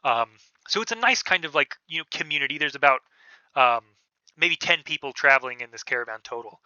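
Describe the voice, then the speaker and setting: A man narrating a tabletop game as game master, in a casual, halting way with many fillers. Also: fairly high pitch, pushed and bright, smooth, no room sound. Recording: dull, lo-fi podcast audio.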